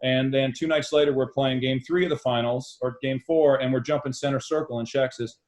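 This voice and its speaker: A middle-aged man, a podcast guest, telling animated stories and acting out quoted dialogue. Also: mid-range voice, fairly quick. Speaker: guest, former basketball player. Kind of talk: storytelling in a podcast interview.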